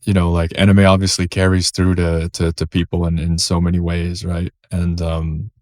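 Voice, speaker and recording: A man's voice: low voice, monotone, moderate pace, darkish tone, no room sound, studio quality. A man co-hosting a podcast, reacting to a clip in a rambling, casual way full of fillers.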